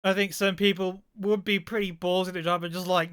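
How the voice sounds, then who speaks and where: A woman's voice: on the low side, little pitch movement, fairly quick, few pauses, fairly bright tone, clean tone, no room sound, clean studio sound. A woman reacting in casual commentary to strange sodas, incredulous and swearing, often stammering in disbelief. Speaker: vlogger reacting to odd sodas.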